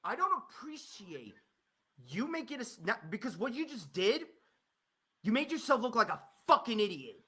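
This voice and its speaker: On a live stream, a man angrily rants at a critic, cursing frequently and saying the same things over and over. His voice is very high, bright, forceful and husky, with big swings in pitch, and he talks at a normal speed.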